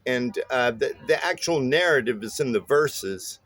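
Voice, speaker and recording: A man's voice: medium pitch, expressive, unhurried, fairly bright tone, no echo. A man teaching songwriting in a casual spoken lesson, explaining loosely with many "uh"s and "right?"s. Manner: loose explaining with many fillers and tag questions.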